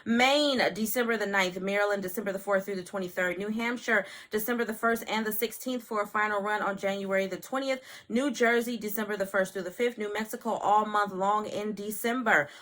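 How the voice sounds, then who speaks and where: A woman's voice: medium pitch, fairly quick, few pauses, fairly bright tone. A woman in her thirties from California, chatting casually to her viewers about news and benefits and often adding "okay". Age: 30s. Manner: chatty, addresses viewers as y'all, repeats okay. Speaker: news vlogger.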